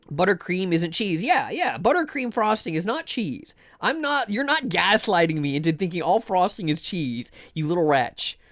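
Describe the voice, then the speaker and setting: A man's voice: high voice, no room sound, studio quality. A man live-streaming a game and chatting with his audience in a casual, playfully indignant way, often stammering and repeating words. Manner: animated, playfully indignant, bantering with chat. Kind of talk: casual live-stream chat while gaming.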